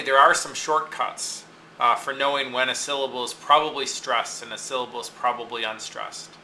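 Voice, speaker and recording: A man teaching a lesson, patiently repeating words slowly to show where the stress falls, with frequent "okay"s. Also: medium pitch, sharp tone, slight background noise, low-quality recording. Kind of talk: recorded classroom lesson.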